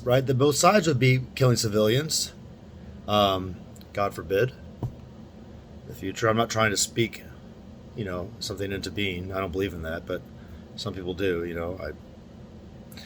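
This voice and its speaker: A man's voice: lowish voice, fairly even intonation, a little slow, long pauses, a little hiss or hum. A young man talking to camera in a casual, rambling monologue, full of restarts and asides. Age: young adult. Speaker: vlogger.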